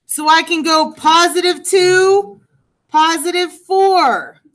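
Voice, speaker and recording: A woman's voice: extremely high pitch, slow, fairly bright tone, rough recording. A woman teaching a math class in a classroom, explaining step by step and checking in with her students.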